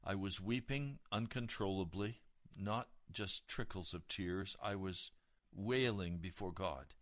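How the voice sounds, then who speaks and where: A man telling a personal testimony as a sermon, in a dramatic, emotional storytelling manner that rises suddenly into loud peaks. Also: sits low, slow. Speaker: preacher.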